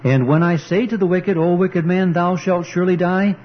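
A man's voice: high voice, fairly even intonation, moderate pace, slight background noise. A man preaching an earnest, emphatic sermon, quoting scripture as he goes. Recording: dull lo-fi recording.

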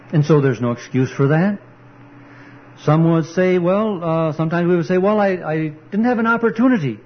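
A man's voice: fairly high pitch, breathy edge. A man preaching an earnest, emphatic sermon, quoting scripture as he goes. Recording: dull lo-fi recording.

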